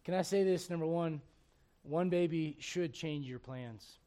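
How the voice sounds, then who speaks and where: A man in his forties, a pastor preaching a sermon in a church with joking, animated storytelling. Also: fairly high pitch, a little slow, smooth. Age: 40s.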